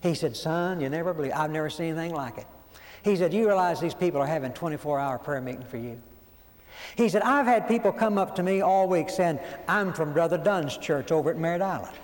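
A man, preaching a sermon as folksy, animated storytelling and acting out quoted voices. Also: fairly high pitch, brisk. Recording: long hall reverb, faint background noise.

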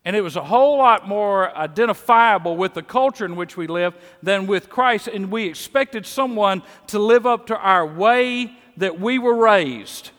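Southern pastor preaching in a hall. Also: male voice, high-pitched, expressive, normal speed, few pauses, a bit bright. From Mississippi. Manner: conversational, repeats words when starting a sentence. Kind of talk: sermon. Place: church sanctuary. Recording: long echo of a large church hall.

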